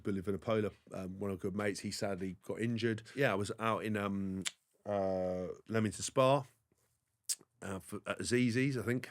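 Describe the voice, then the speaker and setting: Podcast guest: man, forties, from England, quick and low, rambling storyteller with lots of restarts. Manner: rambling, animated anecdotes with frequent restarts. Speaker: podcast guest, former rugby player. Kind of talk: casual interview storytelling.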